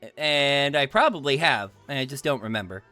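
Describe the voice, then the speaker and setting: Lively, chatty male game streamer. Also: medium pitch, brisk, no echo, soft background music. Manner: playful, chatty, laughs often. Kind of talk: let's-play commentary.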